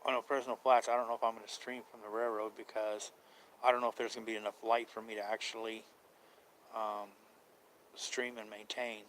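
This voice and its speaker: A man's voice: on the low side, little pitch movement, fairly quick, fairly bright tone, slight background noise, rough recording. A man chatting casually on a live stream about paranormal outings, rambling, unsure and trailing off mid-thought.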